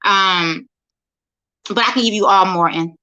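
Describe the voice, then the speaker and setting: A woman from St. Louis talks in a bright, clear voice at a middling pitch. She speaks casually into her phone, pausing often with fillers and starting sentences over. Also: highs cut off. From St. Louis, USA. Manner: halting, lots of fillers and restarts. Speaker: guest speaker. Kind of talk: casual livestream talk.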